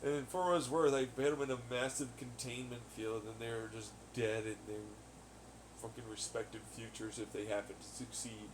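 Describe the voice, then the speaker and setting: A man's voice: medium pitch, steady tone, moderate pace, slight background noise. Rambling, profane man talking solo. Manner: rambling and profane, with sudden angry outbursts. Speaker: podcast host. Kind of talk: casual rambling monologue.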